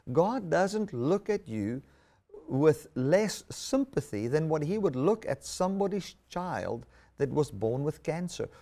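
A man's voice: on the high side, dark tone. A middle-aged man preaching a sermon, reading scripture aloud and then expounding on it earnestly, with lots of repetition.

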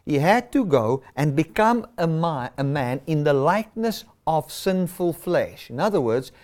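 Male preacher, unhurried sermon delivery, slightly raised pitch, leans hard on repeated words. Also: big pitch swings, darkish tone. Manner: emphatic, repeats key words for stress.

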